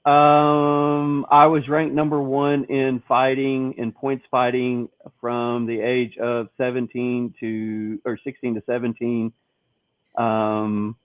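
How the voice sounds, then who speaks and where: A man co-hosting a podcast in casual chat, halting with filler sounds and the odd swear word. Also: medium pitch, no echo. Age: adult. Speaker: podcast co-host. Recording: tinny lo-fi phone-like sound.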